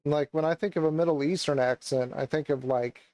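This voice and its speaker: Young male co-host, casual chat, rambling with lots of fillers, voice sits a bit high, dry close sound. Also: steady tone, brisk, a little mellow, no echo, poor audio. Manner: rambling, hesitant, many fillers and restarts. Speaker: podcast co-host.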